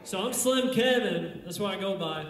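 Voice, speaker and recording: A stand-up comedian with a rather high voice works through a crude, rambling set in a deadpan, offhand way. He speaks into a handheld stage mic, and the sound bounces hard around the bar room. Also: moderate pace, very echoey, background noise.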